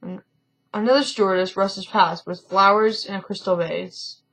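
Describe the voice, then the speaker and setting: A woman's voice: medium pitch, steady tone, normal speed, fairly bright tone, poor audio. A woman reading a story game aloud in a casual let's-play, often stumbling and correcting herself, with chatty asides.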